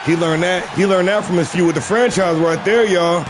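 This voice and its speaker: A man with a high voice calls a wrestling video game live on his stream. He shouts the big moves and slips into casual, profane asides to his viewers. Noticeable background noise sits under his voice. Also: a little fast, hardly any pauses. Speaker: stream host and play-by-play commentator.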